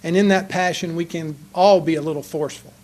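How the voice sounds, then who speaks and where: Guy pleading his case at a council meeting, pretty high voice, earnest and fired up. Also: fairly even intonation, brisk, darkish tone. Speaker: citizen speaking at a city council meeting. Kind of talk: public comment speech. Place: council chamber.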